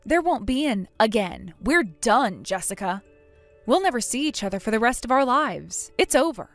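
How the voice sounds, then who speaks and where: A woman's voice: on the high side, big pitch swings, moderate pace, a bit bright, faint music behind. A woman voicing a stern, cold young woman who scolds and refuses to forgive in a scripted drama.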